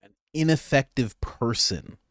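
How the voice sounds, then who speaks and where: A man talking through political clips in a loose, mocking tone, laughing as he goes. His pitch swings widely from line to line. The sound is close and dry, with no room echo. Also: animated, a little slow, a bit bright. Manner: mocking, joking, laughs often. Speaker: commentary host. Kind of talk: casual political commentary.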